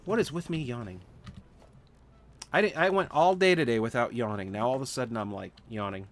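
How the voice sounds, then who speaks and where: A man's voice: medium pitch, a little fast. A sleepy, yawning man casually talking through his gameplay on a livestream, thinking aloud with lots of fillers and restarts. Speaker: gaming livestreamer. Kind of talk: casual live gameplay commentary.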